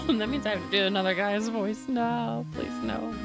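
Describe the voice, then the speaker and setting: A woman's voice: a little high, fairly even intonation, normal speed, gravelly. A woman streaming a game live, making giggly, self-mocking asides between reading lines. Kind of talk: live game playthrough commentary. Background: game music.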